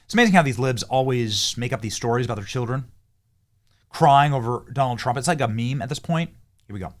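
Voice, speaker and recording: A man hosting political commentary over clips, heated and emphatic, swinging between loud and low. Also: expressive, fairly quick. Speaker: political commentary channel host.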